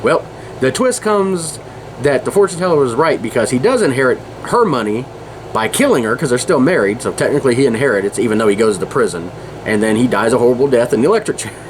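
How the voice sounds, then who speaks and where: A man's voice: mid-range voice, fast, low-quality recording. Rambling male podcast host. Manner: rambling, self-deprecating, many fillers and restarts. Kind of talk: casual monologue. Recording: steady background noise.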